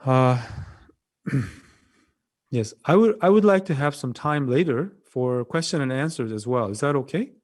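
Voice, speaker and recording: A Korean-accented monk gives an animated dharma talk over video call at medium pitch, his manner gentle and halting, with phrases often repeated.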